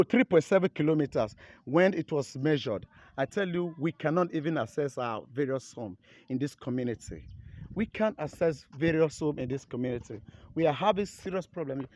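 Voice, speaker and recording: A man's voice: a little high, darkish tone. A Nigerian man pleading urgently and repetitively while filming outdoors on a handheld phone beside an eroded road. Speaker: local resident filming his community.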